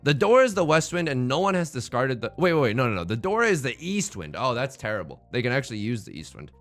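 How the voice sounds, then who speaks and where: A man hosting a let's play, giving excitable, joking, meme-heavy commentary on his own game. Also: mid-range voice, fast talker, faint music behind. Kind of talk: live gameplay commentary.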